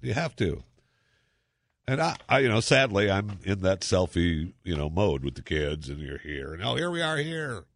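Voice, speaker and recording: A man's voice: sits low, moderate pace, gravelly. A man hosting a talk radio show, joking around in a casual monologue with lots of fillers. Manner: jokey, animated, lots of fillers. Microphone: studio microphone.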